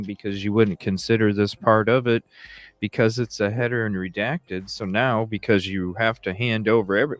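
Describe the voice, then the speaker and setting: A man hosting a podcast, talking through a case in animated, questioning casual discussion. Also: lowish voice, a little fast, dry recording. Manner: animated, questioning, acts out quoted lines. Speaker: podcast host.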